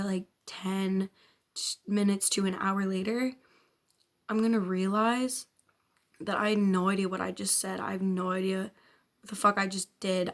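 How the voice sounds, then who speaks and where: A young woman vlogging a frank personal confession, rambling with constant filler words and casual swearing. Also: mid-range voice. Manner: frank, self-questioning, occasional nervous laughs.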